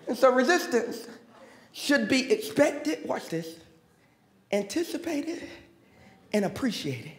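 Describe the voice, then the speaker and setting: A man preaching a sermon in a large church, joking with the congregation and building to shouted call-and-response. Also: very high voice, big pitch swings, takes it slowly, pauses often, a little hiss or hum. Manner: folksy, joking asides. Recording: echoey church hall with faint music.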